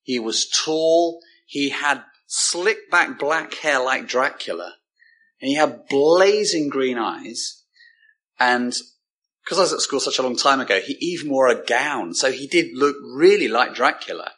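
Male preacher, husky voice, slow deliberate delivery, emphatic pauses. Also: medium pitch, expressive, fairly bright tone. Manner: emphatic, with dramatic pauses and repetition. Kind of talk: sermon.

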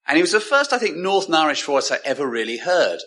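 A man preaching a sermon, emphatic, with dramatic pauses and repeated words. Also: a little high, very animated, sharp tone.

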